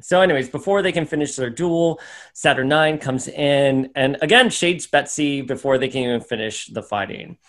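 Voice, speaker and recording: A man's voice: medium pitch, normal speed. A man co-hosting a podcast, giving a casual recap of a comic book issue and acting out the characters' lines along the way. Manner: animated storyteller, acts out character quotes. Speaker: podcast co-host.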